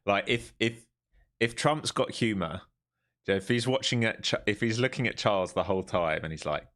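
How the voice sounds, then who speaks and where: A man's voice: mid-range voice, a bit bright. An English man live-streaming his futures trading, chatting casually and joking between calls on price levels. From England. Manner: chatty, laughs often, quick jokes between chart calls.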